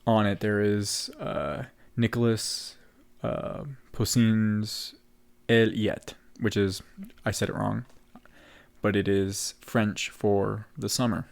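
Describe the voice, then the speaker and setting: A man with a fairly low voice talks casually on a theatre podcast. He walks through a play scene by scene and slips into quoting the characters' lines as he goes. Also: little pitch movement, slow pace, creaky, clean tone. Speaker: podcast co-host. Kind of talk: casual chat recapping a play.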